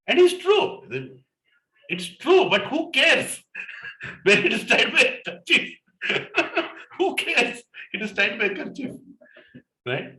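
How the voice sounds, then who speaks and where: A middle-aged man with an Indian English accent, giving an anecdotal spiritual talk to a satsang group and telling stories in an animated way, mixing in Hindi and Telugu. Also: on the high side, roomy sound, rough recording. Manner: animated storyteller, mixes in Hindi and Telugu, laughs at himself. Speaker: satsang speaker.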